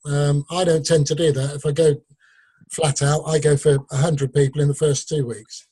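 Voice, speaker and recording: A man's voice: fairly high pitch, level tone, moderate pace, dark tone, breathy edge, no echo. An English man chatting and teasing others on a group video call. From England. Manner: joking, teasing. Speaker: meeting participant. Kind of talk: casual group call chat.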